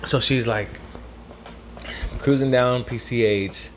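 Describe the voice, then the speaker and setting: A man's voice: medium pitch, steady tone, slow pace, background noise. A young man from Southern California casually telling a story, rambling and swearing, slipping Spanish slang into his English.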